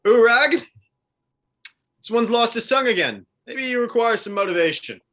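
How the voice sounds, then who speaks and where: A man voicing a menacing male adventurer who interrogates prisoners in a drawn-out, taunting, theatrical way. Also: very high voice, animated, fairly bright tone, pitched above the performer's own voice. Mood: mocking.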